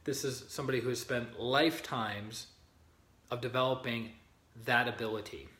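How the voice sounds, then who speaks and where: A man's voice: medium pitch, steady tone, normal speed, bright, forceful tone. A man, a spiritual teacher, giving an informal teaching to an online group, reading passages from a book, greeting viewers by name and checking in with them often. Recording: roomy echo.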